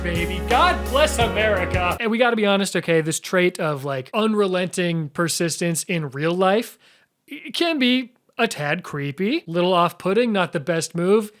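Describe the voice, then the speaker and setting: A man's voice: high-pitched, a bit bright. A young man hosting a comedic commentary video, talking straight to the viewer in a sarcastic, jokey way. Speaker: YouTube host.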